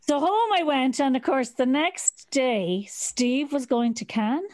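A woman with an Irish accent, co-hosting a podcast and telling an animated story in a vivid, salty way. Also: sits high, takes it slowly, hardly any pauses, no room sound. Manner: animated, vivid storyteller who swears freely. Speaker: podcast co-host. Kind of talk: casual storytelling chat. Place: at home. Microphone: remote podcast mic.

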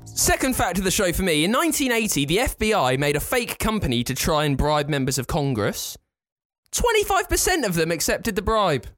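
A man's voice: sits high, sing-song, a little fast, a bit bright, dry recording, clean studio sound, soft background music. A man co-hosting a podcast in casual chat, ranting with exasperation. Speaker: podcast co-host.

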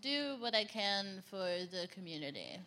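A woman's voice: medium pitch, very animated, measured pace, pushed and bright. A woman from Texas co-hosting a live comedy podcast, telling stories in a dry, understated way. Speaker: co-host. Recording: live stage mic with audible background noise.

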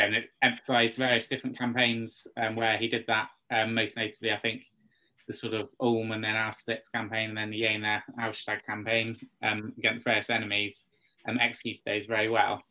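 A man, a historian being interviewed on a podcast, explaining at length with frequent ums and pauses. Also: on the low side, completely flat delivery, pushed and bright. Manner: hesitant, many ums, explanatory. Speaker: guest military historian.

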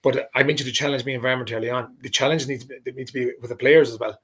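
A man speaking as a coach and pundit, rapid and emphatic, often restarting his sentences. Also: mid-range voice, fairly even intonation, fairly bright tone, husky. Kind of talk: casual sports chat.

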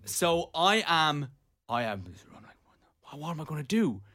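A man's voice: a little high, sing-song, sharp tone. An Irish man co-hosting a radio show, telling a story in casual chat and acting out the quotes in it. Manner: rapid storytelling with acted-out quotes.

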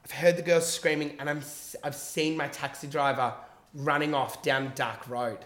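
A man telling a long personal story in casual chat on a podcast. He is animated and swears freely, and he acts out the quotes in his story. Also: a little high, moderate pace, roomy sound.

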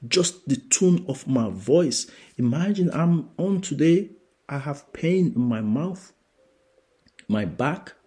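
A man preaching on a podcast, reading scripture aloud and repeating his points with slow emphasis. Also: fairly high pitch, animated, mellow, husky. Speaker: preacher and dream interpreter. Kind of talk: sermon podcast with Bible reading.

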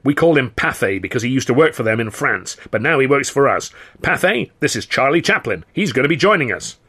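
A man voicing a brash, fast-talking film studio boss who boasts loudly in a salesman's patter, in an audiobook. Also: medium pitch, big pitch swings, husky. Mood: boastful. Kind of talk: audiobook character voice.

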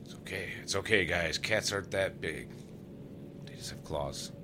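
A man's voice: sits low, normal speed, background noise. A man playing a tabletop role-playing game, talking casually and rambling with lots of fillers. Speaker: player. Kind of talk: tabletop role-play chat.

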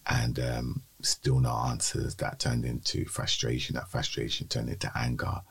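This London podcast co-host has a very deep voice with a breathy, husky quality. He relates his own story as personal testimony in a podcast chat, keeping a calm, even pace.

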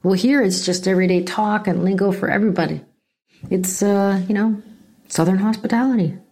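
A woman's voice: mid-range voice, steady tone, a little fast, dark tone. This is a middle-aged woman from California talking on her own podcast. She is blunt and sarcastic, swears freely, and rants in a loose, casual way about politics. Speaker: podcast host.

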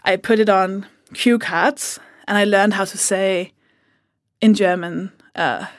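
A woman comedian, a podcast guest, telling lively anecdotes in casual chat, laughing and swearing now and then. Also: medium pitch, slow, no room sound, studio quality.

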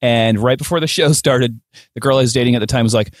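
A man's voice: mid-range voice, fast talker, no echo, clean studio sound. A man hosting a podcast, telling a story in casual chat and acting out the voices in it. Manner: animated storyteller, mimics voices in anecdotes. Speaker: podcast host.

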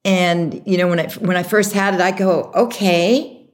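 A woman guest tells her story with animation and acts out what people said to her. Her voice sits fairly low for a woman. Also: steady tone, moderate pace. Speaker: guest, makeup artist and brand founder. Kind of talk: interview storytelling.

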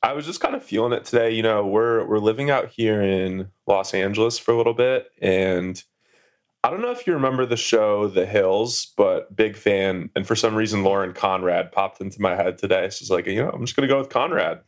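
A man's voice: lowish voice, a little fast. A man joining a casual podcast interview over a video call, joking and teasing. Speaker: podcast guest.

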